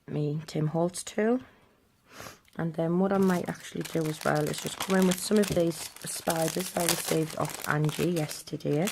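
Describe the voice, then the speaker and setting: Low gravelly-voiced woman crafter. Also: darkish tone. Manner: chatty, talks while working with her hands. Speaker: crafting tutorial host. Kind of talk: casual step-by-step craft tutorial.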